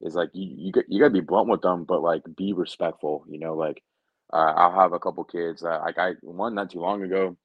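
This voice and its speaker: A man's voice: low voice, fairly even intonation, a little fast, no echo, phone-quality sound. A young man, a Marine recruiter, telling a story casually on a podcast, slangy and blunt with lots of fillers. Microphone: podcast mic.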